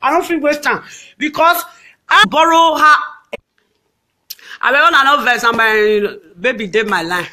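A Nigerian woman ranting and scolding in a loud, dramatic live video monologue. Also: high voice, unhurried, long pauses.

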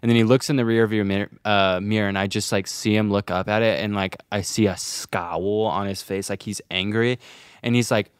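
A man's voice: on the low side, steady tone, moderate pace, clean tone, no echo, studio quality. A young man co-hosting a podcast, telling a rambling, profane story in casual chat, heavy on fillers. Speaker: podcast co-host.

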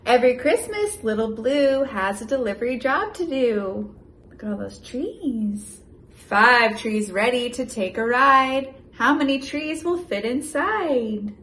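A young woman and mother chatting casually in a home vlog and reading a children's picture book aloud with lively sound effects. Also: fairly high pitch, unhurried. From United States. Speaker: vlogger, mother.

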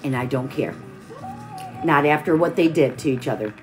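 A woman's voice: deep voice, normal speed, over music. A tired woman hosting a live stream, chatting casually while she crafts and greeting viewers by name with pet names.

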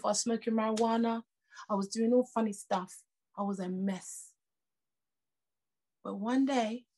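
A woman's voice: mid-range voice, darkish tone. British woman preacher, emphatic, repeats lines for punch, chatty asides. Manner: conversational asides and laughs. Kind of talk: sermon.

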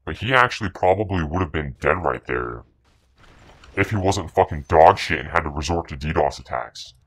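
A man's voice: extremely low pitch, expressive, moderate pace, fairly bright tone. A man commentating his own video game match, boastful and profane, sneering at the other players with repeated catchphrases. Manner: boastful, profane, contemptuous trash talk; repetitive catchphrases. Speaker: gaming commentator. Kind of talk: gameplay commentary.

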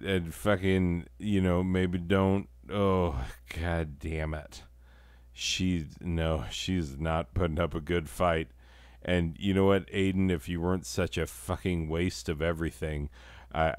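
Low, slow-talking profane male host. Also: no room sound. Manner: crude, profane, deadpan rambling. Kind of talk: rambling comedic monologue.

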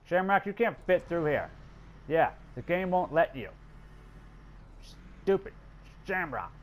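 A man's voice: on the high side, lively intonation, unhurried, long pauses, a little hiss or hum. A man commenting on his own strategy game play, exasperated and swearing, talking to the characters on screen. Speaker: gameplay commentator.

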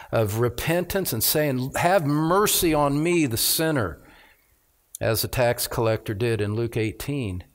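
A middle-aged man preaching a sermon, reading scripture aloud and stressing key words with rising emphasis as a pastor. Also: mid-range voice. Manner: reads scripture aloud, slowing on phrases.

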